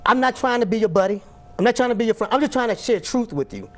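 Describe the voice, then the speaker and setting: A man's voice: very high-pitched, lively intonation. A man hosting an interview, asking questions and telling stories in an emphatic, repetitive way. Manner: brisk, emphatic, repeats words. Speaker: host, apologist.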